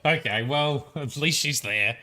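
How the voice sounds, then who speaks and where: A man's voice: on the high side, noisy background. A young man with an Australian accent, chatting and thinking aloud while streaming a game, often laughing. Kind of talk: live-stream gameplay commentary.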